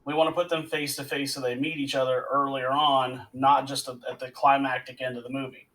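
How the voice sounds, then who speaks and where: A man co-hosting a movie podcast, sharing behind-the-scenes stories in easy, casual chat. His voice sits at a middle pitch. He sounds a little distant from the microphone. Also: little pitch movement, fairly quick, fairly bright tone. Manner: storytelling, explains with trivia. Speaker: podcast co-host.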